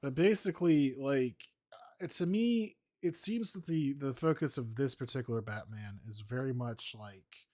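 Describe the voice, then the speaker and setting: A man's voice: medium pitch, normal speed, dark tone, no echo, clean studio sound. A man co-hosting a casual movie podcast, rambling playfully and mimicking characters. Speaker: podcast co-host.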